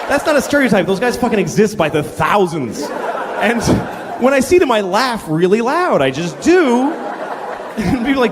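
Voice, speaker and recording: A middle-aged man doing a stand-up comedy set, ranting and swearing and acting out shouted characters. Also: very high voice, very animated, normal speed, noisy background. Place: large theater with a laughing audience. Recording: live theater recording, hall echo, crowd laughter.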